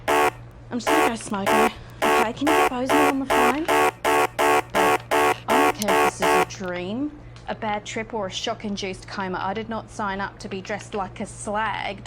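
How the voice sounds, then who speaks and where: A woman's voice: medium pitch, big pitch swings, measured pace, over loud music. An actress playing a sly, mocking female TV host who tempts the player toward bad choices, in a video game. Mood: irritated. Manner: teasing, mocking, purring. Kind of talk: video game live-action acting.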